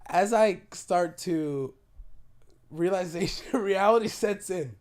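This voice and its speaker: A man on a podcast tells a story in a loose, animated way, swearing as he goes. His throat is sore, and his voice sits a little high for a man. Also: takes it slowly, smooth. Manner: animated storyteller, swears freely, laughs through the telling. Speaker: podcast host. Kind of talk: casual chat.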